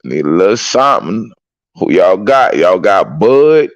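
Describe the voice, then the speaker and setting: A man chatting casually as a streamer, excitable and profane with loud whoops. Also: low-pitched, unhurried, dry recording, muffled recording. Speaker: streamer reacting to clips. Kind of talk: casual reaction chat.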